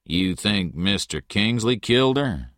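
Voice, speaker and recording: A man reading aloud, voicing a calm older male small-town lawman who talks in a slow, measured way. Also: on the low side, no room sound, studio quality, voice pushed up. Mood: friendly.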